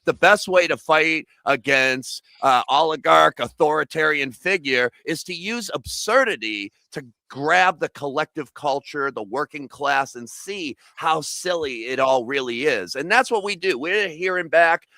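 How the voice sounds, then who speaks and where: Brief: male activist guest, gravelly bright voice, dry close sound, loud absurdist delivery with shouted bursts. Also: a little high, lively intonation, a little slow, few pauses, dry recording. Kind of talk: comedic interview chat.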